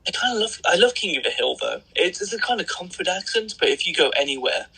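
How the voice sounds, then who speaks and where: A young English man speaking as an interview guest, talking in a blunt, joking and animated way. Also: sits high, fast, vocal fry, slightly rough, poor audio. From England. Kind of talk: casual interview chat.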